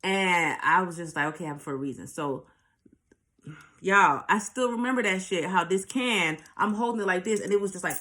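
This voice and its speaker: A woman's voice: mid-range voice, animated, measured pace, long pauses, fairly bright tone. Candid New woman telling a story. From New York. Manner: candid, profane, talks straight to viewers. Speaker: vlogger. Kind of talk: storytime monologue.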